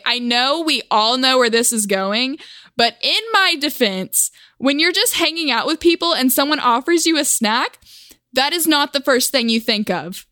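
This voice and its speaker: A woman's voice: high-pitched, sharp tone, no echo, clean studio sound. Wry young woman telling a story. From Oklahoma. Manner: wry, self-mocking and chatty. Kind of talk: storytime vlog narration.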